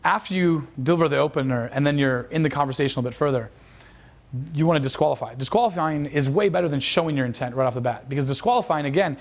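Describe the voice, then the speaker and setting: A dating coach gives a fast, meandering lesson in a slightly high voice. He keeps restarting sentences and acts out the lines he quotes.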